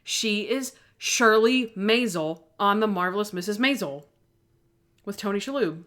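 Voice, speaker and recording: A woman's voice: mid-range voice, unhurried. A woman co-hosting a casual podcast, eagerly retelling TV episodes and acting out the characters' lines. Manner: animated storyteller, acting out quoted lines with laughs. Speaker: podcast co-host. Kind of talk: casual chat, retelling TV scenes.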